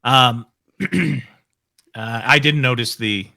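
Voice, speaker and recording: A man playing a tabletop game, measured and thinking aloud as he decides his moves. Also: mid-range voice, vocal fry, sharp tone, no room sound, studio quality. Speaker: player. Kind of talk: casual tabletop game chat.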